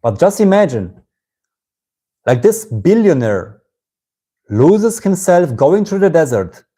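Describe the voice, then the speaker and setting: German-accented male satsang teacher, mellow tone, reflective with tag-question "yeah?"s. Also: on the high side, very animated, takes it slowly, breathy edge. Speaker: spiritual teacher. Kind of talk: live-streamed satsang talk.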